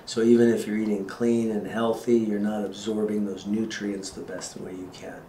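A man's voice: fairly low pitch, little pitch movement, normal speed, mellow, echoey room, a little hiss or hum, poor audio. A man working as a chiropractor, explaining x-rays and exam findings to a patient in a casual, joking way. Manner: casual, joking, talks as he shows. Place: clinic exam room.

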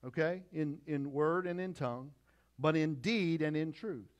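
A man's voice: a little high, a little slow, muffled recording. A middle-aged pastor preaching a conversational sermon with repeated phrases and asides to his congregation.

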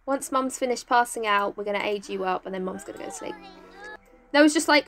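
High-voiced, bubbly English woman. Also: fairly quick, faint music behind. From England. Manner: chatty and excitable, coaxing her game characters. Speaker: gaming YouTuber. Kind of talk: casual let's-play commentary. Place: home, top-floor flat.

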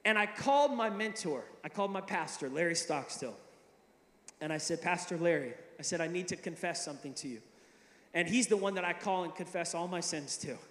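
A man's voice: high-pitched, animated, brisk, a bit bright. A middle-aged man preaching a sermon, telling a story and acting out the dialogue with shifting voices. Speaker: pastor. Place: large church hall. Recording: echoey hall, long reverb.

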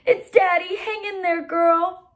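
A woman's voice: high-pitched, big pitch swings, moderate pace. A woman reading aloud voices a male army tank commander who gets emotional over his dog. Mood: excited.

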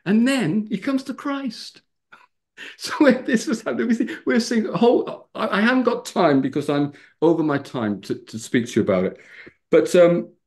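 Preacher in his fifties, animated storyteller, sermon over a video call. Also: normal speed. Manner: animated storyteller, rising pitch for emphasis. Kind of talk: sermon with personal stories.

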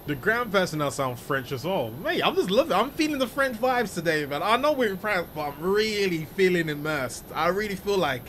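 A young British man from the UK, an excitable, jokey flight sim streamer mixing casual commentary with formal radio calls. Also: sits high, brisk, hardly any pauses, slight background noise. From United Kingdom. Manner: excitable, jokey, laughs often.

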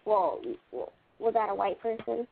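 A woman calling into a talk show, speaking hesitantly and haltingly. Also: fairly high pitch, vocal fry, slight background noise. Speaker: caller. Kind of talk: call-in talk. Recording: tinny phone line.

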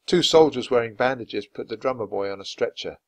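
Steady man reading a storybook aloud. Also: medium pitch, brisk, no room sound. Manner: clear and steady, acting out dialogue. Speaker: storybook reader. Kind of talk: scripted narration for language learners.

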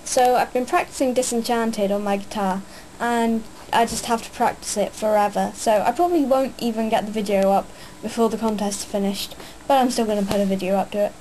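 Young woman, excitable rambling vlogger, somewhat high pitch, faint noise behind. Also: fairly quick, hardly any pauses, poor audio. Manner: hyper, rambling, many fillers. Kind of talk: casual vlog chat.

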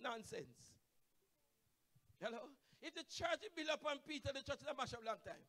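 A man with a Jamaican accent, preaching a Pentecostal sermon as guest evangelist. He calls out to the congregation and swings from quiet asides to shouted, sung climaxes. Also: very high-pitched, big pitch swings, moderate pace. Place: church sanctuary.

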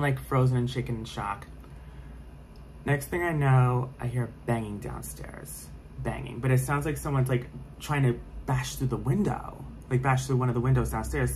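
A man's voice: mid-range voice, slight background noise, poor audio. A young man telling a scary story in a casual vlog, rambling with lots of fillers and restarts.

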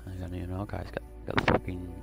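Gamer guy rambling and swearing over his gameplay, average pitch, game music going in the background. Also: monotone, fast, gravelly. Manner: rambling, jokey, heavy swearing. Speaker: gaming YouTuber. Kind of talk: casual gameplay commentary.

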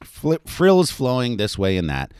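A man narrating an audiobook in an expressive storytelling manner. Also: medium pitch, a little slow, clear, resonant tone, no echo, clean studio sound. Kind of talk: scripted narration.

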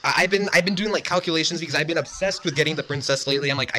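A man's voice: a little high, racing, few pauses, sharp tone, slight background noise. A young man giving gushing, overexcited commentary while playing a mobile game. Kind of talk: excited gameplay commentary.

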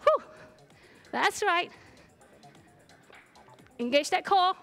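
Woman fitness coach, high voice, unhurried cues, out of breath, encouraging, faint music underneath. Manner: encouraging, counts down and cheers on. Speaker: fitness instructor. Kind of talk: live workout coaching.

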